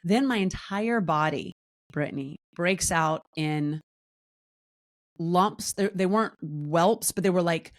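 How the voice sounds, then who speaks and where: A woman in her forties tells her story as a podcast guest, her voice sitting on the low side. She talks candidly and with lots of life, jumping high in pitch whenever she acts out what someone said. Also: takes it slowly. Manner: animated, acts out quoted voices with big pitch jumps. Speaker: podcast guest, wellness coach.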